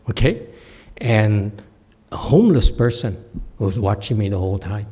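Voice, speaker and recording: A man's voice: fairly low pitch, lively intonation, a little slow, warm tone, breathy edge. A man giving a dharma lecture in a temple hall, telling stories with folksy, self-deprecating humor and frequent checks of "okay?". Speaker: Buddhist teacher.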